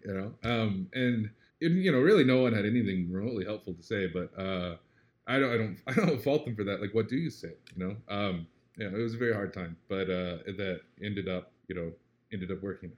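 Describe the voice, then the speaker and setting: Man, low voice, interview guest, earnest, reflective, casual conversation. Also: a little fast. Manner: reflective, earnest, often asks "right?"; animated when retelling a story.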